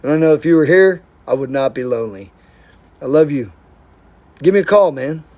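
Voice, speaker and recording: A man's voice: fairly high pitch, animated, a little fast, a little mellow. A man talking in a rambling, casual monologue, blunt and profane but affectionate and heartfelt. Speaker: vlogger.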